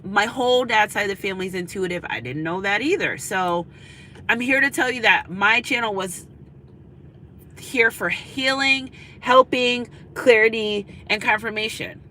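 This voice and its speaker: A woman's voice: medium pitch, normal speed, bright, forceful tone, a little hiss or hum, poor audio. A woman in her thirties, a spiritual reader, giving a casual, preachy pep talk to her viewers and repeating her points for emphasis.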